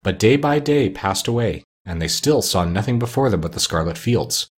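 A man narrating a storybook reading in a steady, measured way. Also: fairly low pitch, husky.

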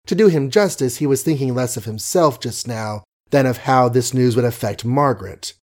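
Mellow man reading an old novel aloud. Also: mid-range voice, moderate pace. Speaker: narrator. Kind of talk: audiobook reading.

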